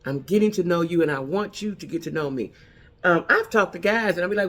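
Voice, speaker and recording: A woman's voice: lowish voice, brisk. A middle-aged woman giving casual dating advice to other women, emphatic and repeating her key points for effect.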